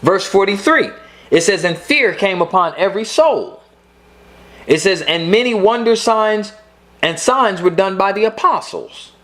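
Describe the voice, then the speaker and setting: A man's voice: high voice, expressive, a little slow, a bit bright. A middle-aged man preaching a sermon, emphatic and repeating his key points for the congregation.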